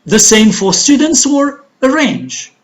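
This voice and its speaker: A man teaching an English lesson on word stress, explaining slowly and counting syllables aloud. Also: very high-pitched, big pitch swings. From Algeria.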